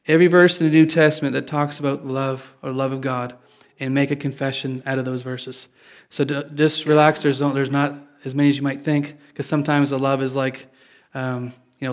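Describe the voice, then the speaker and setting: A man's voice: mid-range voice, little pitch movement, a little fast. A male pastor giving a conversational sermon, often restarting his sentences and making light jokes. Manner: conversational, self-correcting, joking.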